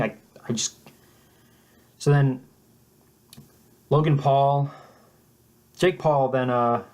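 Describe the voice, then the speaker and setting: A young man telling a mock-serious story in a halting, deadpan way, often restarting his sentences. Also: medium pitch. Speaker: vlogger.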